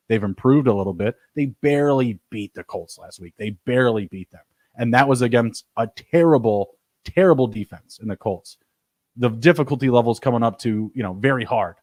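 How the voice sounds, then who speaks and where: A man's voice: dry recording, clean studio sound. Brash man talking bets. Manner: brash, excitable, swears, bursts up loud and high. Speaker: podcast co-host. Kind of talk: casual sports betting chat.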